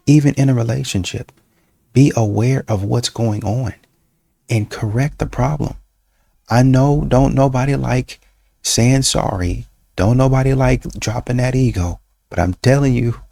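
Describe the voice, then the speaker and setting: Man, casual advice monologue, husky, dark. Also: medium pitch, no echo, studio quality. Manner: preachy, direct, addresses viewers as y'all. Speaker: dating commentary host.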